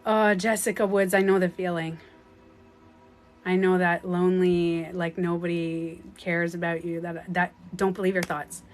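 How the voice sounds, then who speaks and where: A woman's voice: lowish voice, level tone, a little slow. A woman hosting a casual phone livestream from home as a spiritual life coach, talking earnestly, rambling and often laughing.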